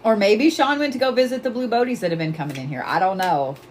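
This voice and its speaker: A woman hosts a casual psychic reading livestream, blunt and profane, laughing often and forcefully repeating her points, including commands to the viewer. Her voice is medium-pitched and fast, with a faint hiss or hum.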